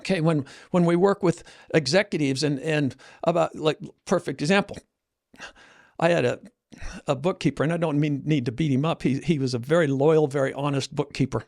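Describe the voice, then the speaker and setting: A man's voice: on the high side, fairly quick, vocal fry, darkish tone. A man in his sixties, hosting a casual chat and earnestly telling stories with many restarts. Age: 60s. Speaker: host, coach.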